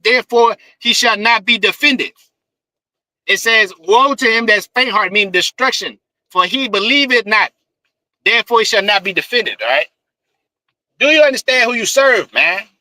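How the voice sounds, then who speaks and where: A man's voice: sits high, pushed and bright, no room sound, rough recording. A man preaching scripture in a fiery, profane style, with emphatic repetition and "man" tagged on nearly every line. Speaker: street preacher.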